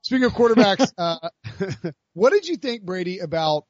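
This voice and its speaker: A man co-hosting a sports podcast in casual chat, rambling and animated with many restarts. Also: high voice, moderate pace, no room sound, muffled recording. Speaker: podcast co-host.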